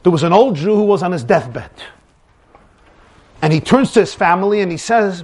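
A man's voice: sits high, expressive, moderate pace, darkish tone. A man giving a dramatic religious lecture, acting out dialogues with rising emphasis. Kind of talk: animated Torah lecture with acted dialogue.

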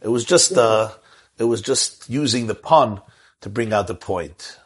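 A man's voice: lowish voice, expressive, unhurried, husky. A man who is a rabbi, teaching a Torah class and answering questions in an earnest way, repeating his key phrases and chuckling now and then.

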